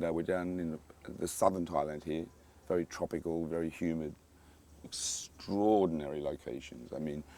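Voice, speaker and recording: Low-voiced man, halting and enthusiastic. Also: mellow. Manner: halting, with many repeated starts and fillers. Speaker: film director interviewed on set. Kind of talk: casual on-set interview. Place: film location in a tropical cave.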